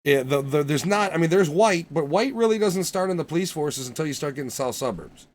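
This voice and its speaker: Male podcast co-host, opinionated ranter, slightly high voice. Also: animated, a little fast. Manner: ranting, profane, emphatic. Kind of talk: casual opinionated chat.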